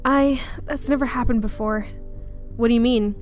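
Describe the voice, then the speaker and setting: A shaken but stubborn young medium from a story game talks plainly, as a woman reads her lines. The voice is fairly high, with soft music in the background. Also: fairly even intonation, normal speed, close to an everyday voice. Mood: earnest. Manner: read plainly in her own voice.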